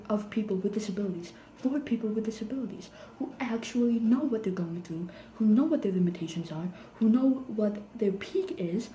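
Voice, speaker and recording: A woman's voice: fairly high pitch, dark tone, echoey room, a little hiss or hum, low-quality recording. A woman delivering an improvised, sarcastic and emphatic rant to camera, lecturing in a pointed tone. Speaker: vlogger.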